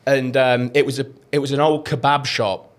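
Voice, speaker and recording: A man's voice: mid-range voice, little pitch movement, normal speed. A young man, rambling through travel stories in casual podcast chat and swearing freely. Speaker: podcast co-host.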